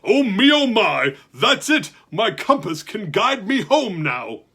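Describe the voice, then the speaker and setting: A jolly, bumbling giant king, voiced by a man reading aloud booms out his lines with husky warmth. He sounds big, kind and excitable, like a storybook monarch who means well. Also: measured pace, exaggerated voice. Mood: jolly booming. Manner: loud, exclaiming, cheerful.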